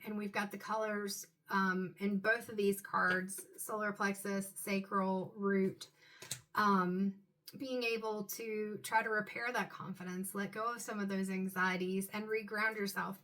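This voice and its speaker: A woman giving an intuitive tarot reading to her viewers, talking in a loose, musing way and filling pauses with "um" and "like". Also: mid-range voice, pushed and bright. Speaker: tarot card reader.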